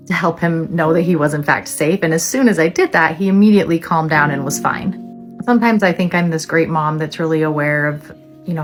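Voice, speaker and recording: A woman and mother telling a candid, reflective story in a casual vlog, with frequent "um"s. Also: sits low. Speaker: mother of deaf children.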